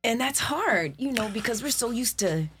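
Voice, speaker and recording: A woman's voice: fairly high pitch, normal speed, husky, no echo. A woman, an actress, telling stories in a casual interview and acting out quoted people as she goes. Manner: animated storyteller, acts out quotes.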